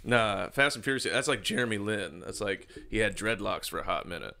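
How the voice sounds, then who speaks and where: A man's voice: on the low side, brisk, vocal fry, pushed and bright. A man co-hosting a podcast, trading crude teasing jokes in casual banter. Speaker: podcast co-host.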